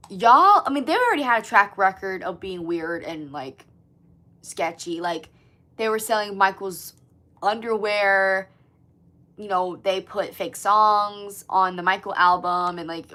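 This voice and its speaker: A woman in her twenties hosting a casual livestream, chatting to viewers and reading comments, swearing freely and filling her talk with "like". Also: mid-range voice. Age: 20s. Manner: chatty, swears often, lots of "like", animated. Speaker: livestream host.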